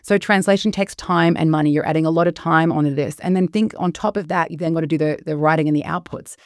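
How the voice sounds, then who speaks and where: Animated woman historian. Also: low-pitched, fast, no echo, clean studio sound. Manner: animated storyteller, acts out quotes. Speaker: guest historian. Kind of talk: casual conversational interview.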